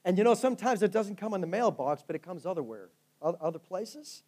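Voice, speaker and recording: A man's voice: high-pitched, lively intonation, fairly quick, darkish tone. A male pastor preaching a sermon, telling stories with fervent rises and drops in volume. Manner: fervent storytelling preacher, rising and falling in volume.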